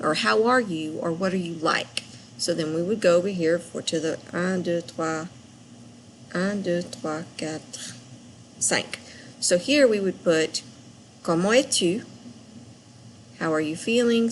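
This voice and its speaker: Slow, patient woman teaching a class. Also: fairly low pitch, slight background noise, rough recording. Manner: slow, patient, repeats phrases for students. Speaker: French teacher. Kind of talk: recap lesson for students.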